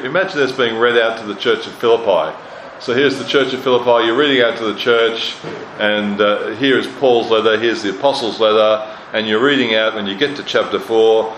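Guy preaching a sermon, mid pitch, pushes his points hard, echoey hall with a bit of hiss. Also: normal speed, a bit bright. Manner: emphatic, repeats lines for stress, asks the hearers questions. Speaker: pastor. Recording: roomy hall sound with faint noise.

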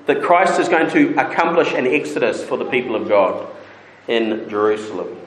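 A man preaching an expository sermon who rises into loud, high pleading when he quotes God. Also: a little hiss or hum. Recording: echoey room with faint ambience.

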